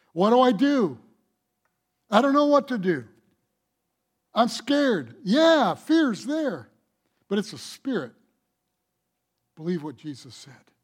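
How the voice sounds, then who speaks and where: Preaching as a pastor, this man has a fairly high voice. His delivery is emphatic, swinging from loud declarations to quiet asides.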